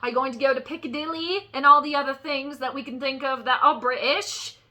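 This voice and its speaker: A woman doing a cheery, hammy posh British lady, bright and high. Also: steady tone, brisk. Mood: jokey. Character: cheery stereotypical British woman, tea-loving.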